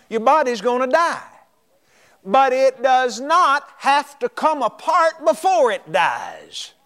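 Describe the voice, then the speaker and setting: A man with a notably high voice preaches a sermon. He drags out key words and jumps up in pitch for emphasis as he retells a story and recites scripture. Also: fairly bright tone.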